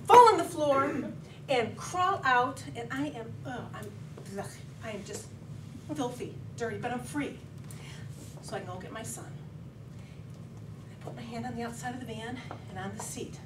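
Middle-aged woman, high voice, animated comic storyteller at a speech contest, heard from afar in an echoey hall. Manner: lively, animated storytelling with laughing asides. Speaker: contest speaker. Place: meeting hall with audience. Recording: echoey hall, distant mic, background noise.

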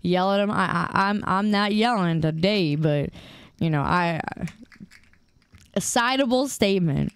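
A woman in her twenties chatting casually with viewers on a livestream, rambling in a playfully defensive way with halting restarts. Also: on the low side, steady tone, clear, resonant tone, no room sound. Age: 20s. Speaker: streamer.

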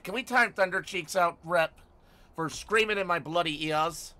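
A man live-streaming a game from home, chatting casually with viewers, teasing and swearing, often bursting out loudly. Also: on the high side, moderate pace. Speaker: livestreamer.

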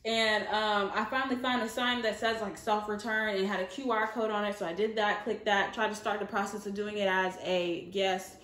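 A young woman with a Southern American accent, telling a casual storytime vlog in an animated way, laughing and using many fillers. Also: mid-range voice, normal speed, few pauses. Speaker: vlogger. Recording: echoey room.

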